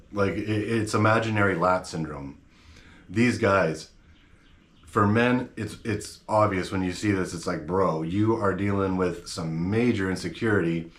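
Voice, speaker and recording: A man's voice: on the low side, roomy sound. A man hosting his own channel, talking straight to camera in a blunt, slangy, fired-up rant. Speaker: channel host.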